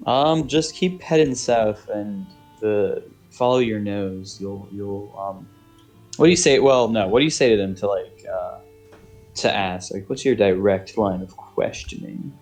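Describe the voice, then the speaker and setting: A man runs a tabletop game over voice chat, his voice sitting on the low side. He rambles and hesitates, leaning on fillers as he narrates. Faint music plays underneath. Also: measured pace, darkish tone. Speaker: game master.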